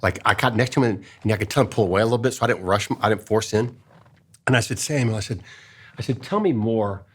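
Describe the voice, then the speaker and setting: Older guy, husky voice, earnest storytelling, goes quiet and soft when quoting himself. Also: lowish voice, quick pace. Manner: earnest, drops to a soft hush when quoting his tender words. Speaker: speaker telling a personal story. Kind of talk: casual storytelling in a faith-based talk.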